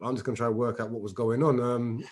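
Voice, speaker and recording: A man's voice: medium pitch, fairly even intonation, quick pace. A man in a casual group chat, animatedly telling a story and acting out the dialogue. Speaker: regular discussion member.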